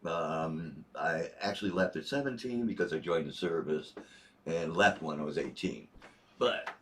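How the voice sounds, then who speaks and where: Deep-voiced older man chatting casually. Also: normal speed, slight background noise. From Northeast Ohio. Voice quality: deep bass voice. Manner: rambling, easygoing storyteller. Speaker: guest on a livestream reading viewer messages. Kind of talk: casual livestream chat.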